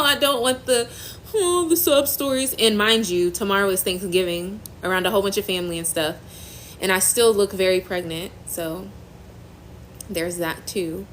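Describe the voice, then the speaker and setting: A young woman hosting a faith-based phone live stream, giving an emotional personal testimony in a halting, earnest way, near tears. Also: fairly low pitch, slight background noise, low-quality recording. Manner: halting, earnest, trailing off and restarting.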